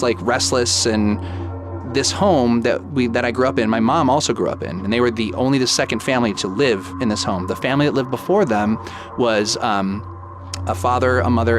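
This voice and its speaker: A man's voice: mid-range voice, normal speed, music in the background. Man in his thirties telling a ghost story. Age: 30s. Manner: lively retelling that acts out quoted dialogue, with many "like"s. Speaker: guest storyteller. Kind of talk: casual spoken ghost story.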